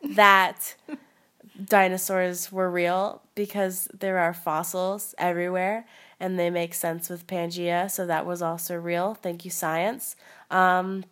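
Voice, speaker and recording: A woman's voice: on the low side, little pitch movement, slow pace, a bit bright. A young woman guesting on a playful mock podcast, giggly, jokey and rambling. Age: young adult.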